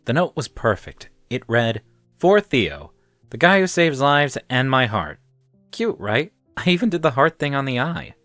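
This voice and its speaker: Man, scripted first-person narration, wry, dramatic, bright tone. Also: on the low side, no room sound.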